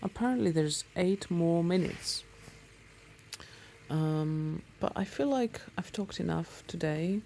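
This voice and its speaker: A motorcycle vlogger chats casually to camera while riding her motorbike, rambling with plenty of ums. Her voice is lowish, gravelly and dark-toned, animated yet slow-paced, with a little hiss or hum in the recording.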